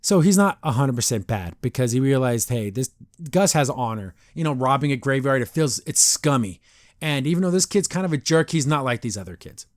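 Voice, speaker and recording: A man hosting a podcast, casually recapping a cartoon episode in a rambling, animated way, acting out the characters' lines. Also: mid-range voice, brisk, dry recording, studio quality.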